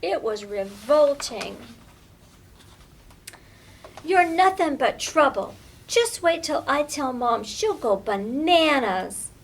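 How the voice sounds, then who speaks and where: A woman voicing a little girl who scolds her naughty pet in a high, loud, exclaiming voice. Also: expressive, takes it slowly, a little hiss or hum, heavily acted. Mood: scolding.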